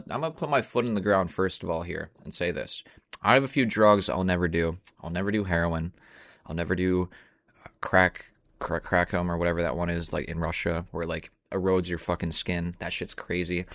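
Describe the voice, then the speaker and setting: A young man with a very low voice tells a loose storytime monologue from home, rambling and swearing freely, leaning on slang and fillers. The sound is dry and close, with little room around it. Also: a bit bright, dry recording.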